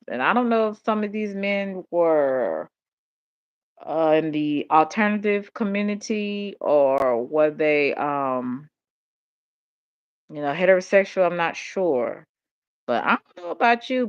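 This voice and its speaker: An older woman, talking in a rambling, animated monologue. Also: fairly low pitch. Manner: rambling, animated storytelling with vernacular speech. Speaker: vlogger. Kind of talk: casual monologue. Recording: dull lo-fi audio.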